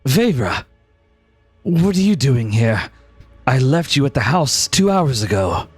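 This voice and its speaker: A man's voice: mid-range voice, big pitch swings, a little slow, slightly rough, no room sound, soft background music. A man voicing a shocked, possessive young man who stammers in agitation during a tabletop game. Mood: confused.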